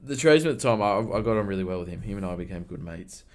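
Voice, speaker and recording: Rapid-fire and lively in intonation, this man's voice sits on the low side. As a podcast co-host he spins profane, meandering work tales loaded with heavy slang.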